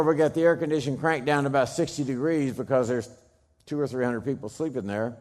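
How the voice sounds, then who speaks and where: A middle-aged man giving a dramatic storytelling speech, emphatic, swinging from loud bursts to hushed low lines. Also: fairly quick. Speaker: speaker telling a personal story.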